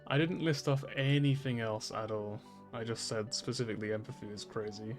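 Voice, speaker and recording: A man's voice: fairly low pitch, fairly even intonation, brisk, faint music behind. A man streaming a text game, commenting and reading aloud, giggly and rambling, correcting himself often.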